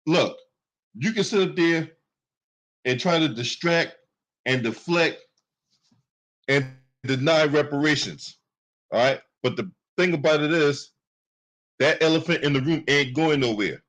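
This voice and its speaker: A man's voice: fairly high pitch, unhurried, pauses often, a bit bright. A man delivering heated, profane political commentary with speech patterns, repeating himself as he rants. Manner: heated, profane, repetitive ranting.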